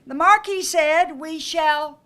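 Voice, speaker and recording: A woman's voice: very high voice, slow, bright, forceful tone. An older woman hosting a reception in her home, giving a gracious welcome speech with anecdotes and light humor. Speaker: host. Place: private home during an evening reception.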